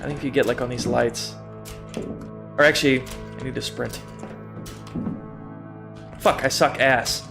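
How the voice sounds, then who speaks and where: A man's voice: mid-range voice, fairly even intonation, a little slow, gravelly, long pauses, music in the background. A young man casually talking through a game on a livestream, chatty and self-mocking, swearing freely and laughing often. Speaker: streamer. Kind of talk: casual gaming livestream commentary.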